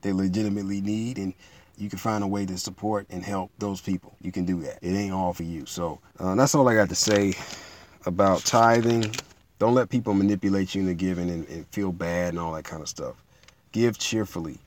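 A man preaching in a relaxed, conversational way, repeating himself and building to emphatic peaks. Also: sits low, a little fast. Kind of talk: informal sermon teaching.

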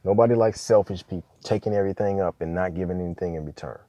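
Man, low dark voice, emphatic scripture teacher who keeps checking "okay?", dry close sound. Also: fast talker, dry recording. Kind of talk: preaching talk on scripture.

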